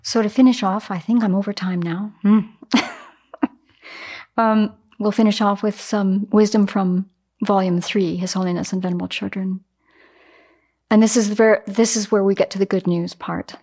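Woman Buddhist teacher, mid-range voice, lively storytelling dharma talk. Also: mid-range voice, normal speed. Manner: animated, acts out everyday examples.

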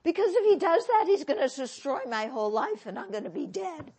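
A woman's voice: sits high, sing-song, brisk, darkish tone, voice pushed up. A woman voicing her own angry self, complaining in an exaggerated, overdramatic way. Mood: whiny.

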